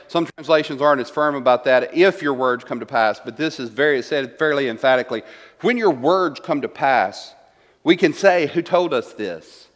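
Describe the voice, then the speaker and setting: A man teaching a Bible class in a church room. He retells scripture in a conversational way, repeats key lines and keeps asking "right?". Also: medium pitch. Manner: conversational, asks rhetorical questions, tags lines with "right?"; paraphrases verses and repeats key lines for emphasis. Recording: reverberant church room, long echo.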